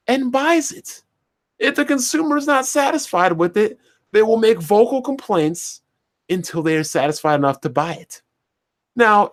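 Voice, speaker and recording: A man on his commentary channel rants straight to his viewers in a fairly high voice. His pitch rises and falls widely, and he drives his points home with one repeated rhetorical question after another. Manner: animated, repetitive rhetorical questions. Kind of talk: opinion rant to camera.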